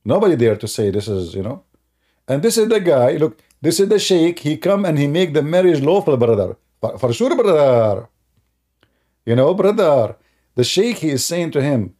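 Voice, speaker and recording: Mocking, laughing man with a lively pitch. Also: moderate pace. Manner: non-native English grammar. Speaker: host. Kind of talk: livestreamed religious debate commentary.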